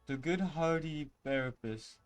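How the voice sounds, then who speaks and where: Man reading as elderly game healer, slow and measured, reassuring. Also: fairly high pitch, soft background music, natural voice. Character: old village healer trying to sound elderly.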